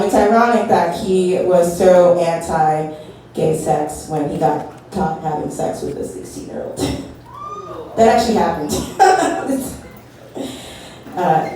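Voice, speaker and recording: A woman's voice: fairly low pitch, warm tone. A young woman doing a stand-up set, nervous and self-deprecating, laughing between jokes. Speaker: stand-up comedian. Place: comedy venue with a live audience. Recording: echoey room from far off, audience noise.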